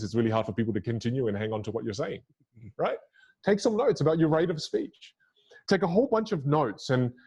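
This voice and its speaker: A man's voice: mid-range voice, darkish tone, breathy edge. A man as a podcast guest explaining communication techniques in an emphatic, instructive way. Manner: emphatic, instructive, varies melody and pauses. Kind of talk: podcast interview.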